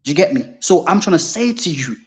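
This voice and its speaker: A man from Congo, a guest in a heated debate, who answers calmly and keeps pressing for evidence. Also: on the high side, fast talker. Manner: calm, persistent, keeps asking for proof.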